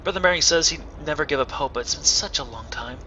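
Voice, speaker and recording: A man voicing a worried old village widow, speaking softly, slowly and mournfully. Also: on the high side. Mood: sad. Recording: slightly dull recording with faint hiss.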